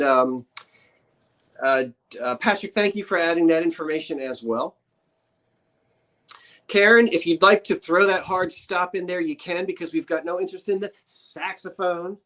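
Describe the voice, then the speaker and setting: A man's voice: on the high side, fairly bright tone. A man running a live-streamed auction sale, describing items in a chatty, rambling way with joking asides.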